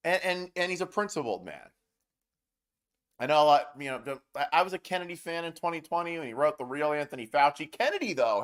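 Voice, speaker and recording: A man hosting a political commentary show, ranting in a heated, sarcastic way with mocking asides. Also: on the high side.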